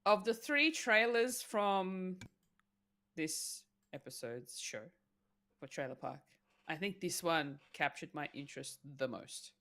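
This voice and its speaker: A woman's voice: lowish voice, animated, slow pace, fairly bright tone. A woman co-hosting a podcast, giving her take in a casual, thoughtful way with plenty of fillers. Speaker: podcast co-host.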